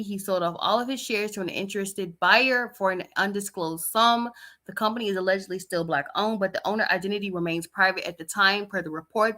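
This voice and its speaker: A woman's voice: mid-range voice, pushed and bright. A young woman hosting a podcast, reading celebrity news and riffing on it in a sassy, chatty way. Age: young adult. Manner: chatty, sassy, reads news aloud and riffs on it. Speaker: podcast host. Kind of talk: casual gossip commentary.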